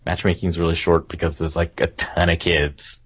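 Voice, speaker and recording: A man's voice: low-pitched, little pitch movement, moderate pace, slightly rough. A man hosting a casual gaming podcast, rambling and laughing often. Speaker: podcast host. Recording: dull lo-fi podcast audio.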